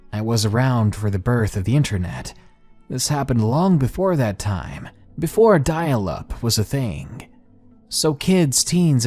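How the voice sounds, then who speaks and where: Man narrating a horror story, animated. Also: medium pitch, dry recording.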